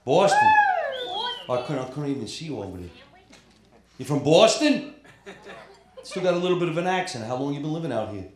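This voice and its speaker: A man's voice: a little high, sing-song, fairly quick, long pauses, noisy background. A man with an East Coast accent doing brash, profane crowd work in a stand-up comedy set on a club stage. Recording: roomy live club sound. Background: crowd laughter.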